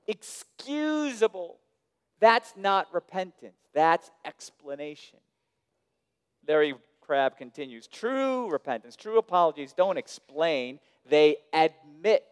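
A man delivers a sermon with a smooth, resonant voice pitched a little high. He drops to near-whispers, then rises to loud, emphatic lines. The sound rings with the long reverb of a large hall. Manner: dynamic preaching, dropping soft and rising loud. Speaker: pastor.

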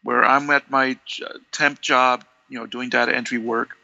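A man talks as an interview guest, with a gravelly, strongly bright voice. He tells his stories in an animated way and acts out each line of dialogue himself. The sound is dry and a little dull. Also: medium pitch, normal speed, no echo. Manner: animated, acts out quoted dialogue, many restarts. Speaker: interview guest, longtime fan. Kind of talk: conversational storytelling.

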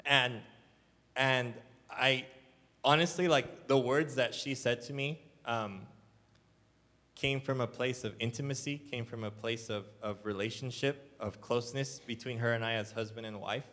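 A man's voice: mid-range voice, fairly even intonation, a little slow, sharp tone. A young adult man, a church elder, preaching a sermon in a loose, casual storytelling way full of "like"s. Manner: casual, filler-heavy storytelling with many "like"s. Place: church hall. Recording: long hall reverb.

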